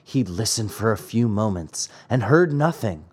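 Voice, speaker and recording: A man narrating a classic fairy tale in an expressive, dramatic storybook reading. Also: lowish voice, a little slow, husky.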